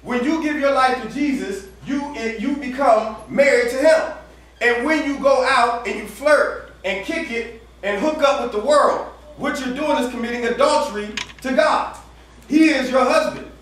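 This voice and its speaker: Casual, slangy male preacher with a very high voice, recorded from afar in a big echoey room. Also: normal speed, a bit bright, far from the mic. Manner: casual slang-filled preaching, acts out dialogue, laughs often. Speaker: campus minister preaching. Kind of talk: sermon.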